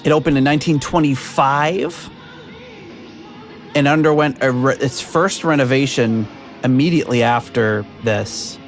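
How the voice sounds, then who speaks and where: A man's voice: medium pitch, measured pace, faint music behind. A man hosting a podcast in casual chat over a video call, rambling with lots of fillers and frequent laughs. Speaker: podcast host.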